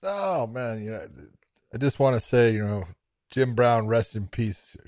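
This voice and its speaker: A man co-hosting a podcast, chatting casually and telling stories with lively, profane asides. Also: mid-range voice, unhurried, dry recording, clean studio sound. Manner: lively storytelling, casual swearing. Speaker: podcast co-host. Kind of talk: casual chat.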